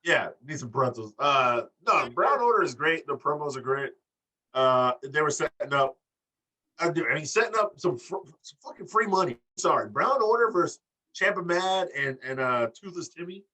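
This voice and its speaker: A man's voice: a little high, big pitch swings, normal speed, bright, forceful tone, recorded from a distance. A man co-hosting a casual wrestling podcast, tipsy and rambling, joking and laughing as he talks. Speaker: podcast co-host.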